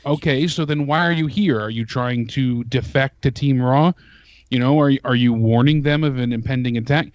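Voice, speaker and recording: A man's voice: mid-range voice, moderate pace, no room sound. Sarcastic man on a dull dry line. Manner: sarcastic, exasperated, swearing. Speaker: co-host. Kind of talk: casual review chat.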